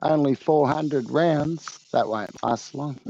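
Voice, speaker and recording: Man, gravelly voice, slow talker, crude banter, dry lo-fi sound. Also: on the high side, dark tone. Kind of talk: casual chat.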